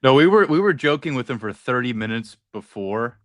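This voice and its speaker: A man co-hosts with a relaxed, affable manner. He keeps his remarks short. The sound is close and dry. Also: medium pitch, a little fast, no room sound. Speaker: co-host. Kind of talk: casual chat.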